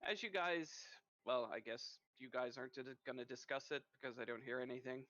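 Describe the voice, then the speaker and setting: A man with a Norwegian accent narrating a tabletop game as game master in a lively storytelling manner. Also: medium pitch, fairly quick, dry recording. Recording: muffled lo-fi mic.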